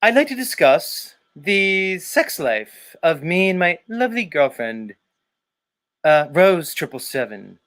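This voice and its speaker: A man doing an impression of a stiff, theatrical online show co-host who speaks in a slow, over-emphatic, robotic way. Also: fairly high pitch, very animated, fairly bright tone, full character voice. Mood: smug.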